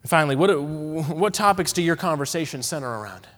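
A man from Massachusetts preaching an emphatic sermon in a church, swinging between loud declarations and quiet asides. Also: on the high side, animated, a little fast. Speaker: evangelist preacher. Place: church sanctuary. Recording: long reverb of a church hall.

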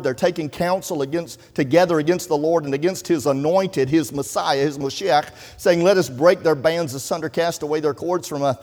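A man preaching a sermon, telling a story in a conversational way and dropping to a hushed voice at tense moments. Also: fairly high pitch. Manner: conversational, animated storytelling, drops to hushed tones for suspense. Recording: long hall reverb.

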